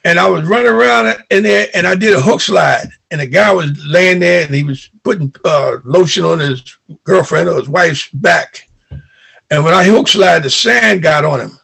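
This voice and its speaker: An older man from New York looks back on his early years in an interview. His voice sits fairly high, very gravelly and raspy. He tells his stories with energy and acts out the dialogue he remembers. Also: normal speed. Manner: animated storyteller who acts out remembered dialogue. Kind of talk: recounting childhood memories.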